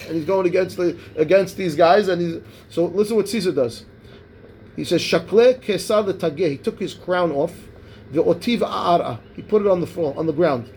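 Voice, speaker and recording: Casual male Talmud teacher with a high voice who reads the Aramaic text and then explains it in plain English. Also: a little mellow, a little hiss or hum. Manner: casual, checks in with "right?" and "okay". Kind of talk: Talmud class, reading and translating.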